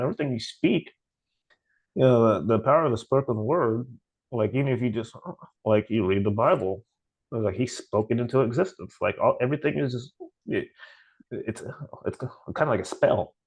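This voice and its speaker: A man's voice: mid-range voice, a little fast, darkish tone, husky, low-quality recording. A man co-hosting a podcast, telling a story in casual chat and acting out the dialogue he quotes. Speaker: podcast co-host.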